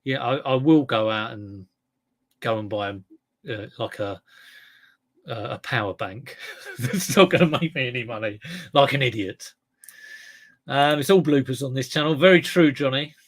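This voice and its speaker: A man hosting a casual livestream speaks in a medium-pitched voice at a moderate pace, with long pauses. Reading from the chat, he rambles and self-corrects, chatty and full of fillers and restarts.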